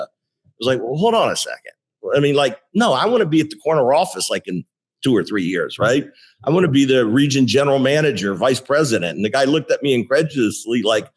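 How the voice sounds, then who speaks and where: A man in his sixties, a company CEO, telling career stories in a relaxed interview, with frequent restarts and fillers. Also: medium pitch, a little fast. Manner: animated storyteller with many restarts. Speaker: guest, tech company CEO. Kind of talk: casual interview storytelling.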